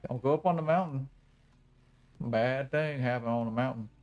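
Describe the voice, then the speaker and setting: A man's voice: medium pitch, moderate pace, darkish tone, muffled recording, close to an everyday voice. A man voicing an old backwoods hillbilly who warns people away, in a put-on rural Southern drawl with folksy, ungrammatical speech. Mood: ominous warning.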